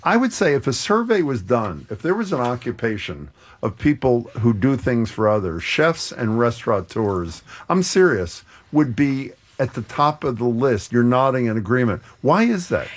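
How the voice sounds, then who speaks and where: A man hosts a relaxed interview and keeps ribbing his guests with teasing questions. His voice sits at an ordinary pitch for a man. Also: moderate pace. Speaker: radio host. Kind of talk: casual interview talk.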